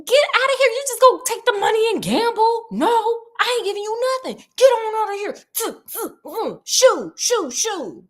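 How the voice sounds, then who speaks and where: A woman voicing an outraged middle-aged father scolding his son, loud and exasperated. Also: very high voice, very animated, moderate pace, few pauses, pitched above the performer's own voice.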